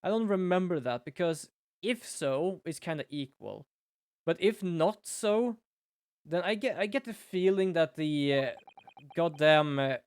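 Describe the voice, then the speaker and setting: A man commenting excitably and profanely on a game playthrough. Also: fairly high pitch, smooth, no echo, studio quality. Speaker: streamer.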